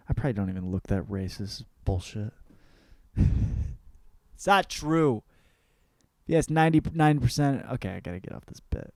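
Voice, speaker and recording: A man hosting his own comedy podcast, talking in a profane, rambling monologue that swings between mumbled asides and loud rants. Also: medium pitch, animated, normal speed, long pauses, dry recording.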